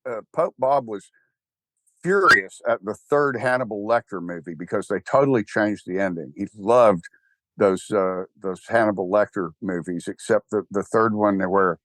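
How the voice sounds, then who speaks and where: A man's voice: lowish voice, normal speed, dry recording. Rambling older man with a Texan drawl. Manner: rambling, animated, wry and self-deprecating. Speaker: interview guest, church founder. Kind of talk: casual conversational interview.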